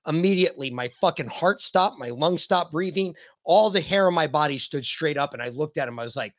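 A man's voice: fairly high pitch, animated, brisk, few pauses. An American man co-hosting a podcast, telling stories in casual chat with lots of swearing and acted-out quotes. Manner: profane storyteller, acts out quotes animatedly. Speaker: podcast co-host.

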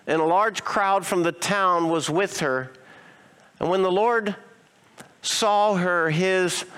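A male pastor preaching a sermon expressively, asking his listeners rhetorical questions and slowing down to stress key phrases. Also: high voice, fairly bright tone, clear, resonant tone.

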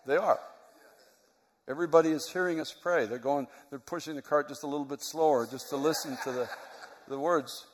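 A man's voice: fairly high pitch, brisk. A middle-aged man preaching a sermon as a pastor, telling a story in an earnest, emotional way. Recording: long hall reverb.

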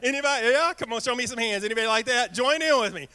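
A man preaching a sermon as pastor, talking in a lively way and asking the congregation questions. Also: extremely high pitch, fast. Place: church sanctuary.

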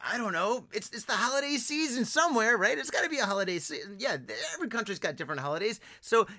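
Man, podcast host, casual, profane, excitable, lively pitch, bright, dry close mic. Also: quick pace, no echo. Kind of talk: casual chat.

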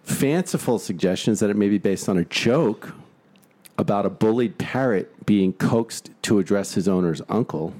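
A man's voice: on the low side, lively intonation, normal speed, darkish tone. A man hosting a podcast who reads facts aloud and riffs on them with crude jokes in casual chat. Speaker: podcast host.

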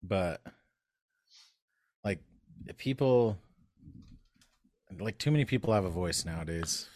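A man's voice: deep voice, expressive, takes it slowly, darkish tone, no room sound. A man co-hosting a podcast, chatting casually with dry, grumbling remarks. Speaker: podcast co-host. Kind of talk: casual chat.

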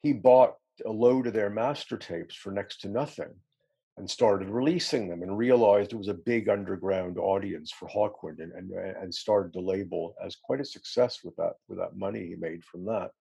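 A middle-aged man recalls his band's history in a casual, rambling interview. His voice is low and dark, with a gravelly, husky grain. He laughs easily and pokes fun at himself. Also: normal speed. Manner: rambling storyteller, self-deprecating, laughs often. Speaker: musician guest.

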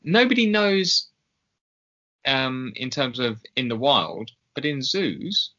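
A man's voice: mid-range voice, big pitch swings, takes it slowly, sharp tone. A man co-hosting a podcast in casual chat, talking in a chatty, hesitant way with many ums. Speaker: podcast co-host. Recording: slightly dull lo-fi sound.

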